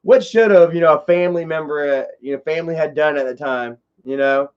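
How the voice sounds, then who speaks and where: Rambling, profane man on a livestream. Voice on the high side, dull lo-fi audio. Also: brisk, clean tone. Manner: rambling, profane, fills with "you know" and "bro". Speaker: streamer. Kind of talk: casual storytelling livestream.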